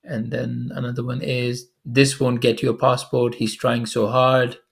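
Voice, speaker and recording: A young man from Pakistan, a video commentator reading viewer comments aloud with quick chatty asides and frequent laughs. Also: medium pitch, completely flat delivery, gravelly. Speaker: online commentator.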